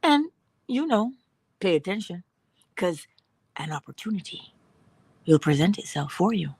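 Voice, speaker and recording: Hosting a morning livestream, a woman with a low, husky voice gives an inspirational spiritual talk at a measured pace. She is animated, acting out dialogue in little voices and dropping to soft whispers for emphasis. The sound is dry and close, with no room noise.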